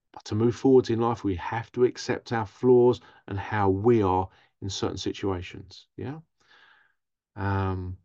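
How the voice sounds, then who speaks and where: A man's voice: fairly low pitch, a little mellow, no room sound. Chatty man with a dull, dry sound. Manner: chatty, rambling, acts out inner thoughts. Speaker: podcast host. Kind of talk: casual monologue.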